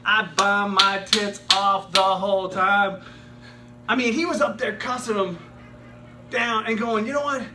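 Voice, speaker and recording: A man from Richmond, Virginia, a stand-up comedian telling a comedy anecdote in casual chat, animated and profane, laughing through his story. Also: high voice, a little slow, soft background music. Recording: voice far from the mic with steady noise.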